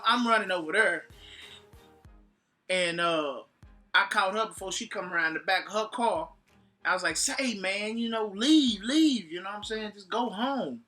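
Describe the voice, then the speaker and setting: A man on a vlog telling a story in casual talk, acting out what people said and laughing often. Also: sits high. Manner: animated, acts out quotes, laughs often. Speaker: vlogger recounting a fight. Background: faint background music.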